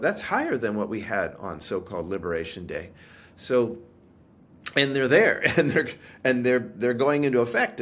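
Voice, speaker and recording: Low-voiced man giving candid analysis. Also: a bit bright, slight background noise. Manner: candid, emphatic, explains in long thoughtful runs with small restarts. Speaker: commodities analyst guest. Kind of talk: interview answers.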